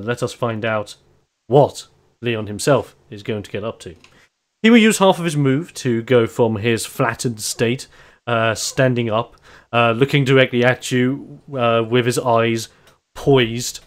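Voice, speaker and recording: Male GM, animated wrestling-announcer narration, average pitch. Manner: lively, laughing, ring-announcer flair. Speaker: game master. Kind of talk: narrating a tabletop wrestling game.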